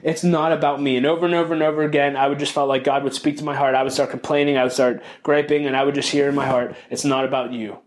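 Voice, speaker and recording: A man's voice: fairly high pitch, level tone, quick pace, hardly any pauses. A man hosting a podcast, speaking earnestly and reflectively in a monologue about lessons he learned, often restarting and repeating key phrases. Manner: openly emotional, calls himself sensitive. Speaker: podcast host.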